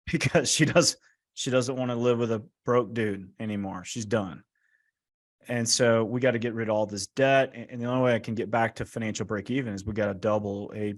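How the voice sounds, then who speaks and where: A male guest author in an interview, telling his stories in a relaxed, conversational way. He slips into quoted dialogue with lively energy, often tossing in "right?" and "like.". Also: mid-range voice. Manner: animated, acts out quoted dialogue; casual, frequent "right?" and "like". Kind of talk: storytelling interview talk.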